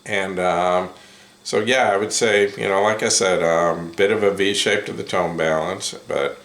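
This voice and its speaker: A man giving a casual first-impressions review of headphones, unhurried and full of ums and self-corrections. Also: sits low, fairly even intonation, fairly bright tone. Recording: roomy echo.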